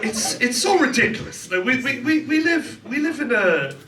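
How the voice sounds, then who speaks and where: A man doing stand-up comedy on a club stage, animated and laughing as he works the crowd. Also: extremely high pitch, normal speed. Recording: echoey room, distant, noisy.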